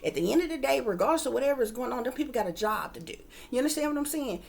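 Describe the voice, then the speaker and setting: A woman's voice: sits high, expressive, racing, gravelly. A woman working as a psychic reader, telling her viewers a story in casual, emphatic talk, often calling them "y'all" and swearing freely.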